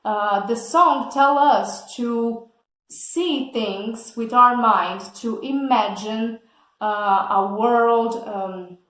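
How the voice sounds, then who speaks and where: A woman teaching English vocabulary, speaking very slowly and deliberately. Her voice sits a little high. She checks in with the class again and again, and the recording carries a noticeable room echo. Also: fairly bright tone. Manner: slow and patient, checks understanding with a frequent "okay?". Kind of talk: explaining vocabulary in an English lesson.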